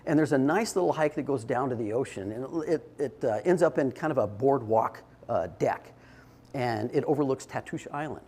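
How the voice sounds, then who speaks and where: A man's voice: medium pitch, moderate pace, darkish tone, breathy edge. An older man giving a short, informal talk to an audience, telling stories in a conversational way with restarts and fillers. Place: indoor event space.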